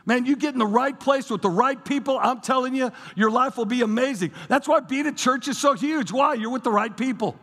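A man's voice: very high-pitched, fairly quick, few pauses, a bit bright, husky. A male pastor preaching a sermon to a church audience, impassioned and emphatic, repeating words as he drives his points home. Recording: long hall reverb with music behind.

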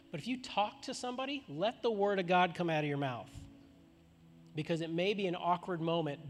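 A man's voice: on the high side, a little hiss or hum. A man preaching a sermon to a congregation in a church auditorium, casual and conversational, full of rhetorical questions. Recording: long reverb of a large hall.

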